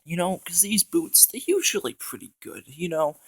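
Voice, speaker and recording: A man's voice: high-pitched, sing-song, normal speed, fairly bright tone, no room sound. Rambling man with mock mob-boss bluster. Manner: rambling, constant "you know", stammered restarts. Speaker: comedy vlogger. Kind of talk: rambling improvised comic monologue. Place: indoor home room with carpet.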